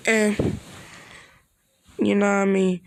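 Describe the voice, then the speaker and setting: Gravelly voice rambling thru a made-up anime story, lots of you know and bro, dry close sound. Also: medium pitch, little pitch movement, slow pace, no room sound. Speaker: fan storyteller. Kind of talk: improvised fan-fiction narration.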